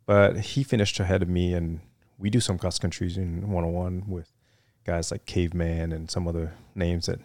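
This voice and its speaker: A middle-aged man with a Vietnamese accent, a retired military aviator telling his story in a relaxed interview, full of "you know" fillers. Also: low voice, normal speed, no room sound, clean studio sound. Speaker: interview guest, retired Marine fighter weapons officer.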